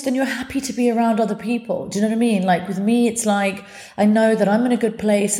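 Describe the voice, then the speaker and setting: A woman's voice: on the high side, dark tone, roomy sound. A woman hosting her own podcast, talking candidly and from the heart, swearing freely as she speaks. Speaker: podcast host. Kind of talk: candid solo podcast talk.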